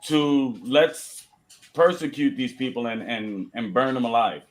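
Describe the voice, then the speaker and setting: A man's voice: mid-range voice, animated, measured pace. A man from Rico, hosting a casual chat, blunt and swearing now and then. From Puerto Rico.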